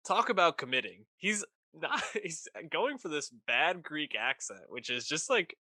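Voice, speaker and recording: A man's voice: on the high side, big pitch swings, a little slow, sharp tone, no room sound. A man co-hosting a pop culture podcast, chatting enthusiastically with slang and swearing. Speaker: podcast co-host. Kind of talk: casual chat.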